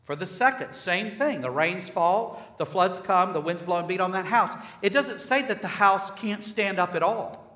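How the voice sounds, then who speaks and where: Emphatic preacher in an echoing hall. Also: male voice, sits high, animated, moderate pace, bright, forceful tone. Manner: emphatic, with rhetorical questions and repeated phrases. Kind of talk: sermon. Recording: echoey hall with long reverb.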